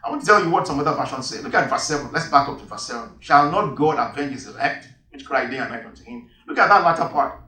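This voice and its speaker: A man's voice: mid-range voice, animated, quick pace, sharp tone, far from the mic. Emphatic preacher man in an echoey hall. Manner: emphatic, repeats key phrases. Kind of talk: sermon with Bible reading.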